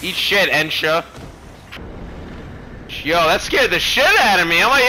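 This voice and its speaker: A young man in casual gaming chat, excitable, swearing constantly and laughing often. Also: high voice, unhurried, a little hiss or hum, poor audio. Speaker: gamer playing co-op online.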